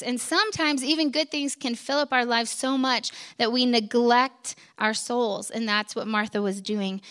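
Woman preacher, 30s, bright and fairly high voice, chatty storytelling sermon. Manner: conversational storytelling, acts out scenes. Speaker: pastor's wife preaching.

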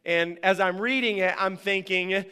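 A man preaching a sermon as a pastor in a church, conversational and animated, often asking the congregation questions. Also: sits high, unhurried, clean tone, big-room sound. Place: church sanctuary.

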